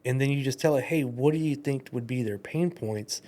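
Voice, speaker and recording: A man talking casually on a podcast, telling animated stories and acting out quoted voices. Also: medium pitch, moderate pace.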